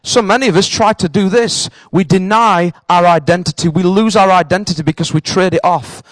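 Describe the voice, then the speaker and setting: A man's voice: high-pitched, a little fast, no room sound, rough recording. A man with a Northern English accent preaching a sermon to his congregation in an earnest, direct way, often repeating himself for emphasis. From northern England. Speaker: pastor. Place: church in Cambridge.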